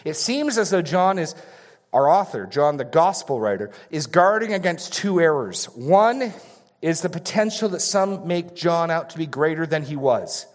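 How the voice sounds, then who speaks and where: A male pastor preaching an expository sermon, repeating key phrases and swinging between raised emphasis and hushed asides. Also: on the high side, big pitch swings, moderate pace.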